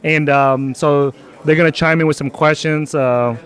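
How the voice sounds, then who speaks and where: A man's voice: fairly high pitch, fairly even intonation, unhurried, fairly bright tone, clean tone. A man hosting a casual interview outdoors at a conference, loose and jokey with many fillers. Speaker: channel host.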